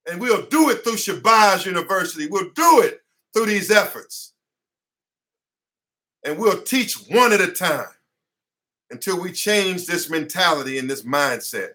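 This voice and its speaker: A man delivers an impassioned class lecture from his office, his voice high and bright with a forceful edge. He preaches more than he explains, hammering his points home through repetition. He is sweating as he speaks. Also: big pitch swings, measured pace, pauses often. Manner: fiery, preacher-like, repeats phrases for emphasis. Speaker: attorney and teacher.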